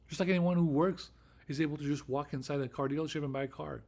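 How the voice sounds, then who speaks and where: A man's voice: medium pitch, fairly even intonation, racing, a little mellow. Ranting middle-aged man rambling solo. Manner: ranting, profane and repetitive, with restarts. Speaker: vlogger.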